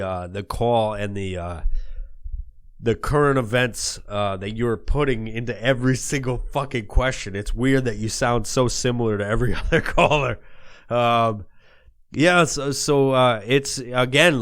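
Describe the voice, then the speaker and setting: A man's voice: on the low side, a bit bright. A man hosting a comedy podcast in character, ranting in a profane, rambling monologue.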